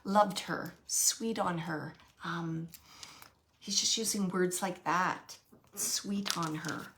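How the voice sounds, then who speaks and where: A woman working as a medium, relaying a spirit's messages in soft, halting phrases that often drop to a whisper. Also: lowish voice, fairly even intonation. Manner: repeats phrases and pauses searching for words. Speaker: psychic medium. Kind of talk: channeling a spirit reading.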